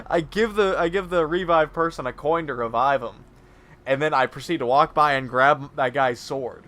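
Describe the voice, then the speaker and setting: Man, slightly high voice, rambling amused storyteller, laughs through his words, casual gaming chat. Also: measured pace, a bit bright. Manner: rambling, amused, often laughs mid-sentence. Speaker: co-host playing a video game.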